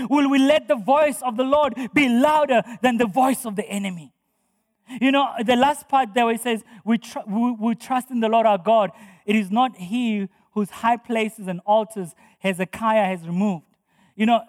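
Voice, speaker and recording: A male pastor delivers a sermon with a strikingly high voice, pressing his points by repeating key phrases. His words ring out with a long reverb, as if in a large hall. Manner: emphatic preaching with repeated phrases.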